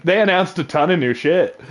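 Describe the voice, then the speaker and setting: A man chatting casually on a livestream, excitable and joking, rambling from thought to thought at a desk mic. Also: high voice, normal speed. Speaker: streamer.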